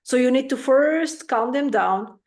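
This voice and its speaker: Animated woman explaining parenting styles. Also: high voice, measured pace. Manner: animated, acts out parents' voices in quotes. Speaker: parenting coach, interview guest. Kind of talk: explanatory interview talk.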